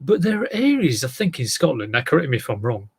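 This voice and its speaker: Chatting quickly in a sing-song, creaky, husky voice of medium pitch, an English man vlogs about his online reselling. He's rambling and self-deprecating, often wandering off topic.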